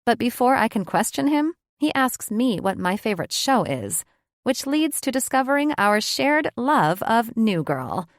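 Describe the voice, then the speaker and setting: A woman's voice: a little high, very animated, measured pace, dry recording, studio quality. Reflective woman narrating an audiobook. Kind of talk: first-person audiobook narration.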